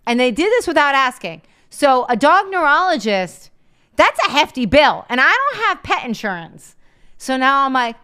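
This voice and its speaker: A woman's voice: high voice, very animated, normal speed, pushed and bright, clean tone. A woman, the host's wife, telling a story in a dry, matter-of-fact way on a live show. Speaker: guest, comedian's wife. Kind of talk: casual storytelling.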